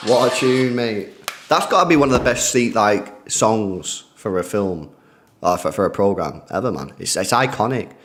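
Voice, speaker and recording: A man's voice: fairly low pitch, expressive, normal speed, fairly bright tone, faint music behind. A young man, streaming a football watchalong, chatting casually and greeting donors by name in slangy speech. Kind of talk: casual live-stream chat reading donations.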